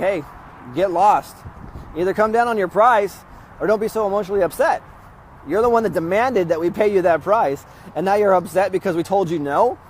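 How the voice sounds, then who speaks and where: A man's voice: high-pitched, slight background noise. A man hosting a real estate investing podcast, telling a story bluntly and acting out quoted exchanges, recorded outdoors. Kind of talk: casual motivational monologue.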